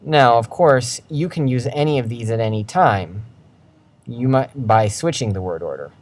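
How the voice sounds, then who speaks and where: A man teaching Latin in a recorded lecture over slides, walking through each step methodically and reading out word forms slowly and carefully. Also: medium pitch, expressive, a little mellow. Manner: methodical, walks through steps one by one.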